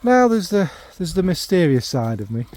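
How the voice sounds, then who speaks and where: A man's voice: sits high, very animated, normal speed, a little mellow. A middle-aged man from the North Midlands, chatting casually about fragrances in a rambling, self-deprecating way full of ums and asides. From North Midlands of England. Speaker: fragrance vlogger. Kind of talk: casual spoken monologue.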